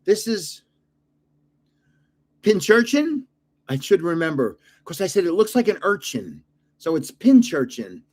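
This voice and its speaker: An older man with a voice pitched a touch high for a man talks through a pack opening. He rambles, guesses at names and chuckles at himself. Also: big pitch swings, unhurried, long pauses, darkish tone. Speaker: card-collecting channel host. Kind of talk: casual pack-opening chat.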